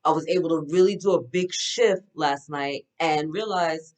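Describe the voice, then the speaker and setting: A woman's voice: deep voice, moderate pace, few pauses, a little mellow, low-quality recording. Upbeat woman giving a spiritual pep talk. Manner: enthusiastic, affirming, chatty with frequent "right?". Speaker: spiritual card reader.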